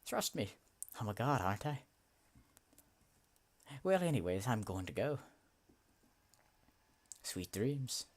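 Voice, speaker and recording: A man's voice: on the low side, sing-song, takes it slowly, pauses often, pitched above the performer's own voice, full character voice. A man voicing a friendly, boastful Norse god in a video game, speaking in a hearty, old-fashioned way. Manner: hearty, old-fashioned speech with "aye" and "lad".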